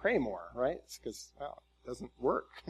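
A man preaching a conversational sermon in a relaxed, folksy way, with frequent fillers and restarts. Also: medium pitch, measured pace, husky. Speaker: pastor.

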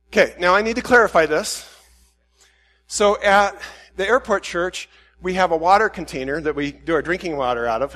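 Animated male pastor telling a story. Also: fairly high pitch, in a large hall. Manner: animated, self-deprecating anecdote with many restarts. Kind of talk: storytelling sermon.

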